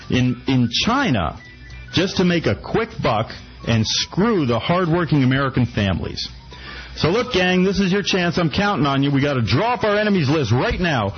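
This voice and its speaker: A man hosting talk radio, delivering a mock-earnest satirical rant full of stumbling restarts. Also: medium pitch. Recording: muffled radio broadcast.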